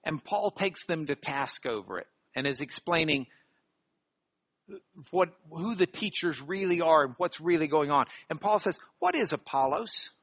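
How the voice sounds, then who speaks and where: Animated, emphatic Bible teacher. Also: mid-range voice, no echo. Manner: emphatic, repeating key phrases; reads scripture slowly and deliberately. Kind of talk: sermon-style Bible teaching.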